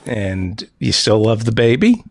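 A man hosting a comedy podcast, asking curious questions in casual chat and quick to laugh. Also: fairly low pitch, big pitch swings, darkish tone, no room sound. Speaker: podcast host.

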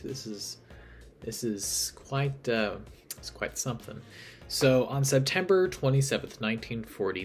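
A man giving a casual history explainer, chatty with self-aware asides and frequent fillers. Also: lowish voice. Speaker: history presenter.

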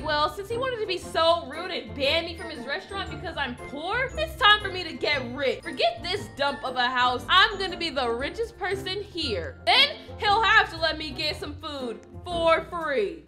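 A woman's voice: very high-pitched, bright, forceful tone. A woman narrating a game role-play in character, chatty and pleading, with dramatic outbursts. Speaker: role-play channel host.

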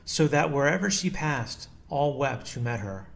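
Guy doing a slow solemn devotional reading, mid-pitched voice, bit of faint hiss. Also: animated, creaky. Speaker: devotional reader.

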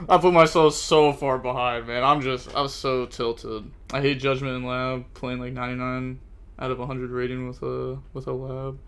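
With a clean tone, a medium pitch and little movement in it, a young man comments live on his card game at a measured pace. He addresses his chat directly, frustrated and hard on himself over the errors he makes.

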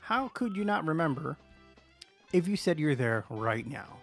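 A man's voice: a little high, sing-song, measured pace, faint music behind. A man casually commentating as he plays a video game on a livestream, joking around and greeting viewers. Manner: goofy, joking, chatting to viewers. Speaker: streamer.

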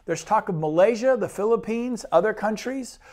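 A man's voice: sits high, expressive, normal speed, darkish tone. A man who works as a real estate broker, giving an enthusiastic, rambling sales talk about his brokerage. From Sacramento, California. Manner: enthusiastic, rambling, repeats phrases.

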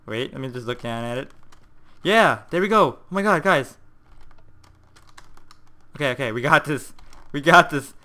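A young man giving live commentary over his own gameplay, excitable and quick to swear when things go wrong. His voice is bright and forward, with a smooth, clean tone. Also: a little high. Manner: excitable, swears often, quick swings into frustrated yelling. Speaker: gaming video host.

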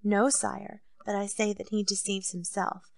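A woman reading an audiobook, voicing a shrewd military captain who answers the king calmly and quietly. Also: medium pitch, gravelly, no room sound. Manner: calm, quiet, measured. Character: calm, shrewd captain, grown man.

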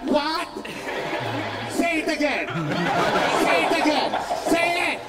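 Man playing a yelling mother, high shrill voice, rapid-fire questions, distant stage mic, loud audience. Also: over a noisy crowd. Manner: shrill repeated demanding questions. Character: yelling interrogating mother of a young boy. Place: live comedy stage.

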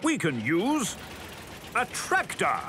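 A man narrating a children's cartoon in a gentle, patient way, talking directly to the characters. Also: sits high, wildly swooping pitch, takes it slowly, noisy background.

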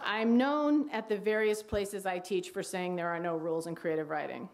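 In a lecture hall, a woman teacher gives a wry talk on writing dialogue at normal speed, reading passages aloud and voicing the quoted dialogue in a hushed, low tone. There's slight background noise.

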